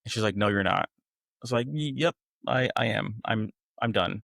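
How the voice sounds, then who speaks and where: A man's voice: lowish voice, normal speed, creaky, a bit bright, no room sound. A young man candidly recounting a painful personal story as a guest, conversational and quoting others as he goes. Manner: conversational, quotes others in acted voices.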